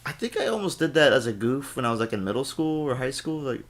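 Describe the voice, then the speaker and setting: A man's voice: medium pitch, big pitch swings, fast talker. A man co-hosting a podcast in casual chat, rambling and joking, with cursing and playful quoted voices. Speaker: podcast co-host.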